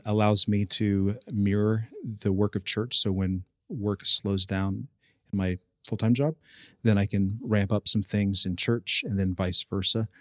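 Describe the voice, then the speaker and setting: A man who works as a bivocational pastor, answering interview questions in an earnest, measured way with frequent fillers. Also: on the low side, a bit bright, dry recording, clean studio sound.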